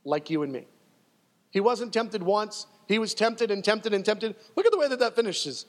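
A man's voice: high voice, animated, normal speed. A male pastor preaching a sermon in an emphatic, conversational way, often repeating himself for effect. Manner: emphatic and conversational, with frequent repetition. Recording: long reverb of a hall.

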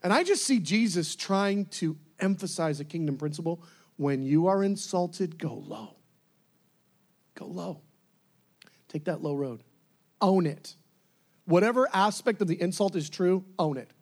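A man preaching a sermon, animated, laughing often and acting out scenes as he goes. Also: high voice, a little slow, pauses often.

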